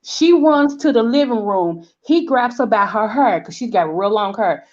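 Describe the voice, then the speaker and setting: Southern woman, forties, vlog host, animated storyteller, dull lo-fi sound. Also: a little high, moderate pace. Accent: Southern American. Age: 40s. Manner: animated storyteller, acts out quoted voices, checks in with "okay?". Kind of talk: casual storytelling chat.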